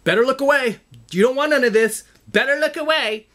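A man's voice: extremely high pitch, a little fast, a bit bright, pitched above the performer's own voice. A man imitating a hotheaded, insecure young man who taunts others and itches for a fight. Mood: taunting. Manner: taunting, challenging.

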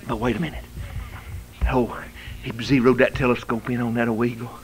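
A male pastor preaching a fiery revival sermon in a church, swinging from shouting to hushed whispers, with a Southern US accent. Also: mid-range voice, level tone, fairly quick, low-quality recording. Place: church sanctuary.

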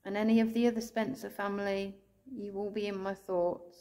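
An English woman ghost hunter calls out to spirits indoors, using endearments in a soft, pleading way and becoming tearful at times. Her mid-range voice is level in tone and she speaks slowly and tenderly. It was recorded on a handheld camera.

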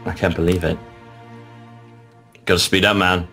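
A man commentating a game he plays, excitable, often yelping and laughing. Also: deep voice, normal speed, long pauses, soft background music. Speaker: gaming channel host. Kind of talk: let's play commentary.

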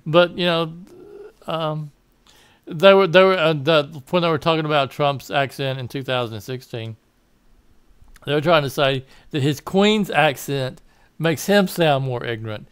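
With a smooth voice on the high side and a measured pace, this Southern American man is recorded without echo. He's a political commentator giving a meandering monologue of opinions, regularly correcting himself and laughing at the tangents he throws in.

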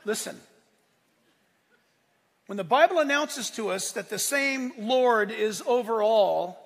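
A male pastor preaching a sermon, swinging between loud, emphatic declarations and quiet asides. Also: very high voice. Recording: long hall reverb.

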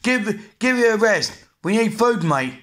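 English man, 40s, high-pitched, angry repetitive vlog rant, swears a lot. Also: sing-song, measured pace, fairly bright tone. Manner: agitated, repetitive, swearing, blunt. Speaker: vlogger.

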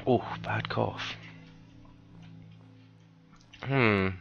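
A man giving cheeky, casual gameplay commentary, swearing often and breaking into sudden high, excited yelps. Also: measured pace, long pauses, dull audio, soft background music. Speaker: let's player.

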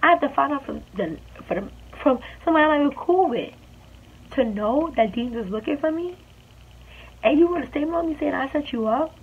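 A young woman vlogger tells a storytime in an emphatic, indignant manner, her high voice animated and a little fast. The audio is dull and lo-fi, with a faint hiss.

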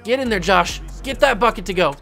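A young man giving casual live commentary on a basketball video game, getting worked up and yelling at his players, then owning his mistakes. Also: high-pitched, a little fast, faint music behind. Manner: excitable, yells at his players, then blames himself. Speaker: gaming YouTuber playing a basketball video game.

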